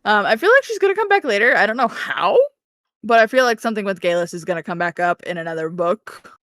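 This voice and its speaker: A woman's voice: mid-range voice, big pitch swings, quick pace, fairly bright tone, dry recording, studio quality. A woman co-hosting a book podcast, casually recapping chapters, laughing often and acting out characters' lines. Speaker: podcast co-host.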